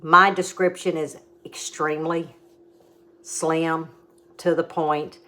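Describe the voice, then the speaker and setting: Slow, low-voiced woman cooking host. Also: flat delivery, bright, forceful tone. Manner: chatty and homey, explains steps patiently. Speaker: home cooking vlogger. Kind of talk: casual cooking demo and tasting.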